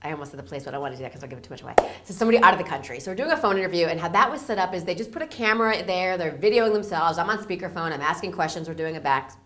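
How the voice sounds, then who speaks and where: A woman telling a story in an interview, bright and lively, with a pitch that swings widely. She is excitable and acts out both sides of the conversation, breaking into shrieks of disbelief. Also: very fast, hardly any pauses, a little hiss or hum. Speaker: casting director.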